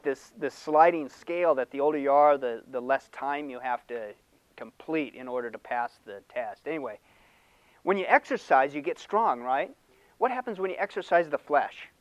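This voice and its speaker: Animated older male preacher, dry sound. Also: a little high, moderate pace, dry recording, muffled recording. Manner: animated, conversational preaching with laughs and mock voices. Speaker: pastor. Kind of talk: sermon.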